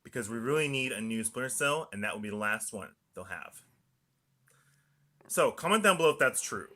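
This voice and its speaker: Bright-voiced man, rambling with "mm-hmm"s. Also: medium pitch, lively intonation, a little fast. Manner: repetitive, punctuated by "mm-hmm" and "and also". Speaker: video diarist. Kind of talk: rambling monologue.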